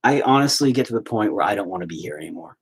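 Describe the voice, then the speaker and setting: Speaking fast with a lowish, expressive voice and a breathy edge, this man runs a casual live stream and talks right to his audience. His delivery is profane and meandering, hopping between ideas and cursing without restraint.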